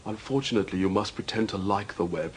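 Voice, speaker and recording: A man's voice: fairly low pitch, fast talker, noisy background, voice pushed down, natural voice. An English man playing a pompous, self-important male hobby obsessive in a comedy sketch, lecturing and ranting.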